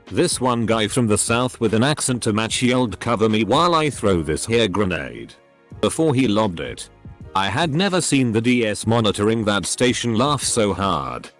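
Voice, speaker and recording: Low computer-voice guy reading stories, bouncy intonation, odd pauses. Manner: synthetic text-to-speech read with odd phrasing and pauses. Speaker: narrator. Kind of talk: scripted narration of online posts. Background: faint background music.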